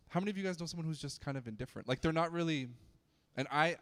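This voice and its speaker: A man giving a casual youth sermon, chatty and joking, with frequent restarts and stammers. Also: on the high side. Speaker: youth pastor. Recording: long hall reverb.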